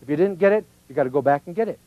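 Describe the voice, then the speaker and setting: Man, folksy lecturer, somewhat high voice, dry and slightly muffled recording. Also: animated, racing, no echo. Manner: conversational, folksy, acts out little voices of kids and parents. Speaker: speaker on personal growth. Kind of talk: informal teaching talk.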